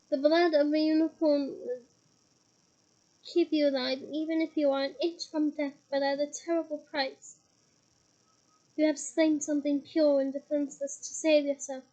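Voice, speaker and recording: A woman's voice: high voice, warm tone, lo-fi sound, lightly acted. A woman voicing a young, noble male centaur in a storybook reading, speaking in a grave, earnest way.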